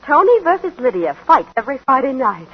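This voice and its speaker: A woman playing a witty, sharp-tongued young wife in a 1940s radio play, sarcastic and playful. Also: sits high, very animated, a little fast, very noisy. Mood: teasing. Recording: muffled old radio broadcast with music.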